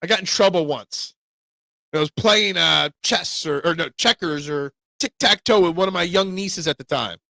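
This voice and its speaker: A man hosting a live sports talk show, giving opinionated, excitable fan takes and answering chat. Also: high-pitched, moderate pace, creaky, no room sound.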